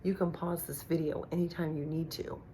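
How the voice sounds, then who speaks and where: A middle-aged woman teaching a remote phonics lesson to young children, speaking slowly and clearly with encouraging sound-outs. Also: sits low, steady tone, warm tone, a little hiss or hum. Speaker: kindergarten teacher.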